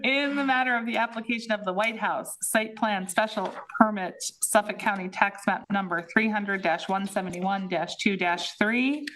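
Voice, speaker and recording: A woman chairing a town planning board meeting, reading resolutions aloud with brisk, informal asides. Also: medium pitch. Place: town hall meeting room. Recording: noisy town-hall meeting audio.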